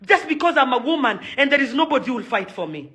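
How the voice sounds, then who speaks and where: A woman's voice: high voice, sing-song, fast, fairly bright tone. A young woman with a Kenyan accent giving an angry, emphatic video rant and repeating her points. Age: young adult. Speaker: socialite and event organizer.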